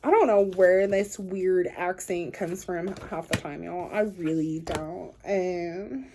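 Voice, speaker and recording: A woman's voice: lowish voice, takes it slowly, background noise. A woman giving a casual pick-a-card tarot reading to her viewers, rambling and chatty with lots of ums and likes. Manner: chatty, rambling, filler-heavy. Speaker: tarot reader.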